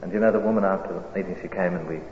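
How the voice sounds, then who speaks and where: Deep-voiced man preaching in an echoey hall. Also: very fast. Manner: animated storyteller, swells loud on climaxes. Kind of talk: sermon storytelling. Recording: echoey hall, dull lo-fi sound, faint hiss.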